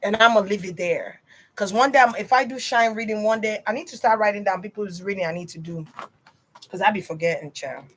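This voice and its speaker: A woman's voice: mid-range voice, brisk. A woman chatting casually to her viewers on a livestream tarot reading, slangy and direct.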